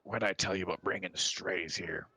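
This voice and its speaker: A man voicing a gruff, scheming half-orc boss who speaks slowly. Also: low-pitched, steady tone, sharp tone, no room sound, heavily acted.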